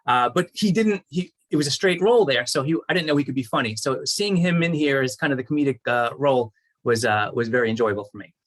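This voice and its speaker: A man chatting casually about a movie, speaking haltingly with many restarts and fillers. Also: medium pitch, animated, fairly bright tone. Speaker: movie club panelist. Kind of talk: casual chat.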